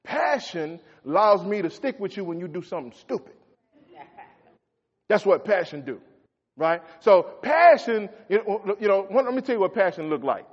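High-voiced preaching man in echoey hall. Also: lively intonation, normal speed. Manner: folksy preaching, swings from shouting to quiet asides. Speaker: pastor. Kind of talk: sermon. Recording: echoey hall, dull lo-fi sound.

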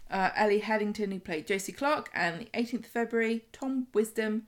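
A woman's voice: mid-range voice, a little fast. A woman with a mid-range voice co-hosts a casual podcast. She talks in a dry, teasing way and needles her co-host. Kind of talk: casual chat.

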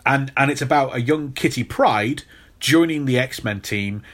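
A man's voice: mid-range voice, measured pace. Male podcast host, casual storyteller, loose delivery with plenty of restarts. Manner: storytelling, repeats words when restarting.

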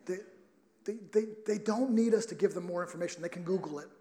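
High-voiced earnest male preacher. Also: quick pace, dark tone. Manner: earnest storytelling, many restarts. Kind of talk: sermon.

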